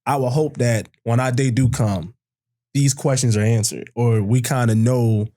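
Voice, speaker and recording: A man with a medium-pitched voice co-hosts a relaxed podcast chat. He speaks in an easygoing, thoughtful way and reads questions out for his partner. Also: normal speed. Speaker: podcast co-host.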